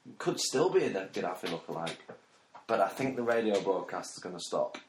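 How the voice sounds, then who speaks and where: A man's voice: low voice, lively intonation, a little fast. Give me a dry man bantering sarcastically, recorded in a roomy space with faint noise. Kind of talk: casual comedic banter. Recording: echoey room with faint noise.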